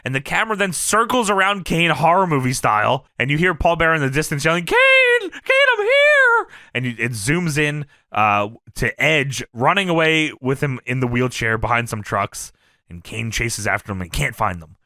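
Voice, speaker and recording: A man co-hosting a podcast, recapping a show in animated, profane storytelling. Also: mid-range voice, a little fast, no echo, clean studio sound. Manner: animated storytelling, lots of swearing and laughing. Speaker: podcast co-host. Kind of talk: casual chat, recapping a show.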